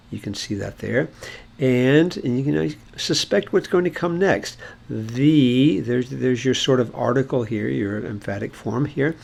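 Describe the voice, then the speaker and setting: A man's voice: medium pitch, creaky, a little mellow, slightly rough. A man teaching a language lesson in a casual explanatory way, thinking aloud with many fillers and restarts. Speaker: Hebrew teacher.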